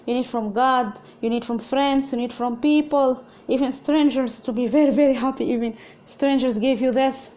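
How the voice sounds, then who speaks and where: A woman's voice: high voice, fairly even intonation, normal speed, hardly any pauses, mellow. A woman with an Arabic accent teaching a language lesson, speaking patiently and repeating sounds for learners to copy.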